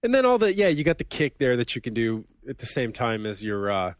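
A man in casual podcast banter, jokey and quick to talk over the others. He is sick and his voice is fading. The sound is dry and close, with no room echo. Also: mid-range voice, big pitch swings. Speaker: podcast co-host. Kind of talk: casual chat.

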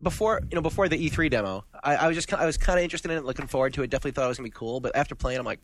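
Excited dude rattling off fast, tripping over his words, gaming podcast chat. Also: a little high, a little hiss or hum. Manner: enthusiastic, stammers on restarts. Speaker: podcast co-host. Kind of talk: casual chat.

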